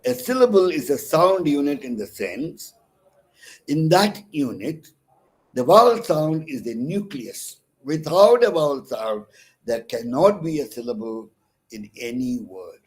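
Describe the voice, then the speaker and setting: A man with an Indian English accent giving a recorded English lesson, spelling words out letter by letter and pausing often with "uh" and self-corrections. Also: a little high, very animated, rough recording. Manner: frequent pauses with "uh" and self-corrections. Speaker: counsellor teaching English. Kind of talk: recorded lecture.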